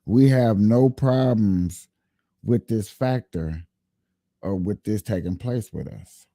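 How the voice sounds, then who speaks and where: A man's voice: fairly low pitch, takes it slowly, mellow, no room sound, studio quality. A man hosting his own livestream, talking politics earnestly and repeating himself as he speaks straight to his viewers. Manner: earnest, repetitive, addresses viewers directly. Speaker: livestream host. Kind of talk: casual political livestream talk.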